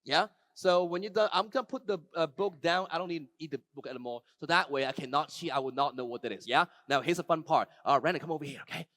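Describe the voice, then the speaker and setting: A man delivers a live keynote, performing a magic trick with a volunteer in front of an audience, moving between soft, slow stretches and loud, excited calls. His voice sits a little high, and there's no echo.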